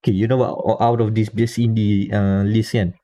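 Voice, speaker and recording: A man's voice: on the low side, level tone, moderate pace, mellow, highs cut off. A man with a Malaysian English accent, co-hosting a casual podcast panel and talking at length with restarts and small chuckles. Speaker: podcast co-host.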